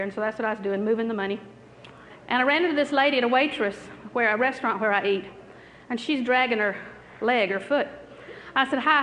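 A woman's voice: fairly high pitch, fairly bright tone, a little hiss or hum. A middle-aged woman preaching a healing sermon, telling a story in a repetitive, anecdotal way before moving into prayer. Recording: hall reverb with faint music.

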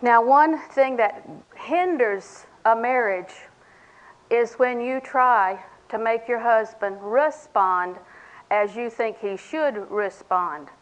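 A woman's voice: on the high side, slow, rough recording. An older woman preaching a sermon in a folksy, humorous way, acting out little conversations. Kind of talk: sermon to a women's audience.

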